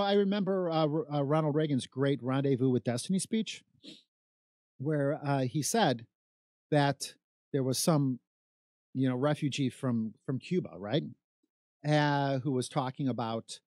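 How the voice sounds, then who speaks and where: A talk radio host, a man, rants in a swooping voice that leaps up and drops low. He hammers his points by saying them again and again. The sound is close and dry, with no room in it. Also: darkish tone, no echo. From South Side of Chicago. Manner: fired-up ranting, repeats phrases for emphasis.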